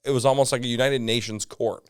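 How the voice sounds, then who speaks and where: A man's voice: mid-range voice, fast, clean tone, dry recording, clean studio sound. A Canadian man, a comedian and podcast guest, telling stories in a casual chat full of asides and fillers. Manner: animated storyteller, lots of fillers and asides.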